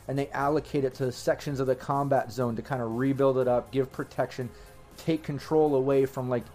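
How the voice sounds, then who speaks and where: A man's voice: mid-range voice, darkish tone. A young man narrating a tabletop game as game master, rambling with many fillers.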